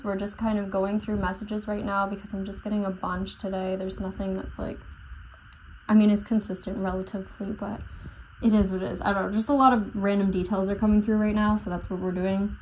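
A woman's voice: medium pitch, a little mellow, poor audio. Woman, tarot reader, loose channeling monologue, meandering and hesitant, faint hiss behind. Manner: rambling, unsure, many fillers and self-corrections.

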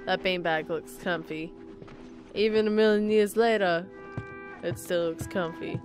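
A giggly, chatty woman commentating on her own gameplay in a relaxed let's-play style. She talks at an unhurried pace and speaks to the characters on screen. Soft game music plays underneath. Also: lowish voice.

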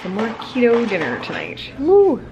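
A woman's voice: fairly low pitch, lively intonation, moderate pace. A young woman casually vlogging in her home kitchen, chatty and upbeat, with bad jokes, on a handheld camera.

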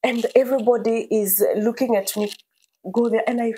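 A woman's voice: fairly high pitch, steady tone, normal speed, rough recording. Woman, interview guest, earnest testimony, hesitant, faint background hiss. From Kenya. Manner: soft-spoken, hesitant, earnest. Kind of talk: emotional personal testimony.

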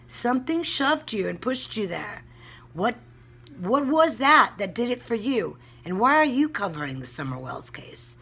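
Woman vlogger, blunt heated rant with lots of swearing; slow, deliberate delivery. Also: medium pitch, a bit bright. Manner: blunt, heated, frequent cursing. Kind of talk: casual vlog rant.

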